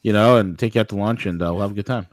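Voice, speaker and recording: A man's voice: lowish voice, racing. A man co-hosting a casual radio talk show, agreeing easily and speaking in a laid-back way. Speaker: co-host. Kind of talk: casual chat.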